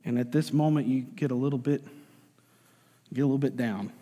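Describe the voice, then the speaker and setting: A man's voice: mid-range voice, a little fast, dark tone, in a large hall. A man preaching a sermon as a pastor, conversational and joking, acting out voices to make his points.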